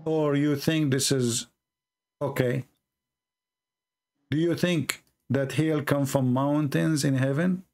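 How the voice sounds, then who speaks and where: A man runs a heated debate, repeating his questions and needling the other side with sarcasm. His voice sits a bit high and has a gravelly, fried edge. His English carries non-native grammar. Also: fairly even intonation, slow, long pauses, darkish tone. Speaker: debate host. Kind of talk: confrontational debate call.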